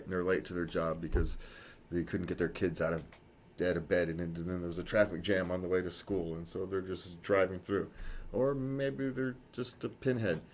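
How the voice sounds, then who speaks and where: A man's voice: deep voice, a little hiss or hum. A man co-hosting a casual talk show, rambling and correcting himself, chuckling often. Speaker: podcast co-host. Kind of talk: casual chat.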